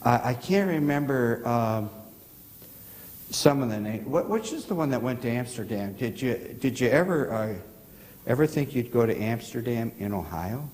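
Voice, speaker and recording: In a church sanctuary, a pastor with a mid-range, animated, slightly mellow voice tells loose anecdotes from the pulpit. He halts, repeats words, restarts often, and puts questions to the congregation. The recording is rough, with a big-room sound.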